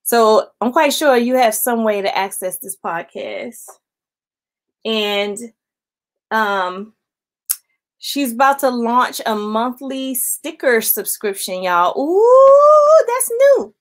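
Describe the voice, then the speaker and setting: A woman's voice: on the high side, slow, fairly bright tone. Chatty woman streaming a late-night haul. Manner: chatty, addresses viewers as y'all, greets chat commenters. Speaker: planner vlogger hosting a late-night live stream. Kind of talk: casual live-stream haul chat. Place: at home, indoors.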